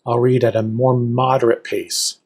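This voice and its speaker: A man's voice: mid-range voice, little pitch movement, normal speed, slightly rough. A man teaching a Hebrew reading lesson, patiently naming each letter and vowel one at a time.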